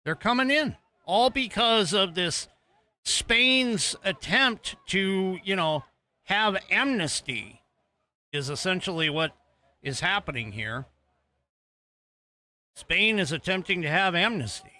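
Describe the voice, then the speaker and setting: This podcast host is an American man whose voice sits high, with sharp tone and lively intonation. He speaks slowly with long pauses, rambling casually on politics with plenty of fillers and restarts as he narrates over video he's playing.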